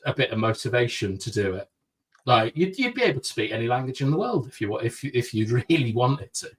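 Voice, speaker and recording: A man at a medium pitch co-hosts a live stream. He talks in an animated, opinionated way and rambles through plenty of fillers. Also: fast talker. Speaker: podcast co-host. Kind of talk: casual live-stream chat.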